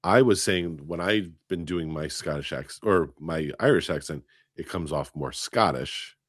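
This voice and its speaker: A man's voice: rumbling low, a little slow, no echo, studio quality. A man co-hosting a podcast, chatting casually and telling stories with animation. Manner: storytelling, animated. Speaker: podcast co-host. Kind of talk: casual chat.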